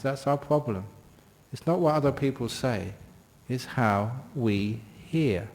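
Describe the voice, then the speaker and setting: A British man in his sixties, a Buddhist monk giving a dharma talk with humorous, self-deprecating storytelling. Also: a little high.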